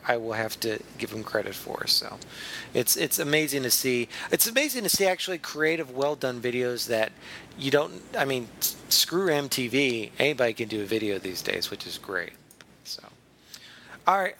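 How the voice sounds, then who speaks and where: A chatty man runs a casual comedy podcast with a voice of ordinary pitch. He reads listener letters aloud and laughs easily between stories. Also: pushed and bright, a little hiss or hum. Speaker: podcast host.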